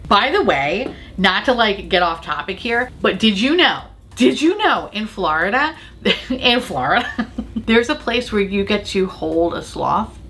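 A woman's voice: mid-range voice, lively intonation, measured pace, fairly bright tone, slight background noise. A woman vlogger chatting casually about makeup to the camera, gushing, giggly and swearing freely. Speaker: beauty vlogger. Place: home in Florida.

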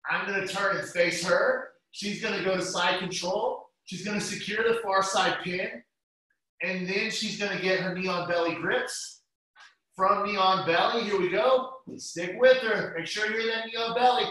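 A man's voice: sits high, moderate pace. A man teaching a jiu-jitsu class, walking students through moves step by step and calling them guys. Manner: steady step-by-step coaching, addresses students as guys. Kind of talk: live class instruction over video call. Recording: echoey room, voice from far off.

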